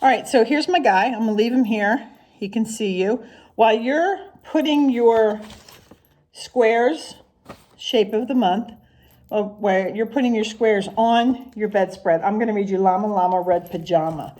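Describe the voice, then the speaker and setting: A woman teaching preschool, reading a picture book aloud in a gentle, sing-song storybook manner and asking the little ones simple questions. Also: mid-range voice, measured pace.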